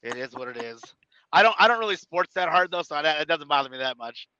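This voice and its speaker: A man telling animated stories in a casual podcast chat, acting out quotes and laughing often. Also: fairly high pitch, fast, highs cut off, slight background noise. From Chicago area. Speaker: guest wrestler.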